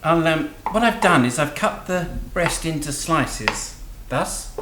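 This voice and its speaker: A man's voice: fairly high pitch, lively intonation, takes it slowly, background noise. Arch, teasing man in a kitchen. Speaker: cooking show co-host. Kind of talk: camp comic cooking demonstration. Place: home kitchen. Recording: echoey kitchen with clattering cutlery. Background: cutlery and dish clatter.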